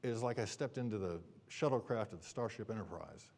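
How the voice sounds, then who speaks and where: During a sermon, a preacher tells a funny story from his own life with lively, animated delivery. His male voice is fairly low and quick.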